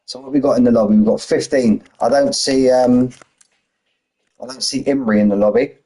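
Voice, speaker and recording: Chatty husky British man streaming. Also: medium pitch, fairly even intonation, moderate pace, mellow, poor audio. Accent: British English. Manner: chatty, banters with chat, drops h's and says "mate". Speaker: sim racing streamer. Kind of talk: casual live-stream chat.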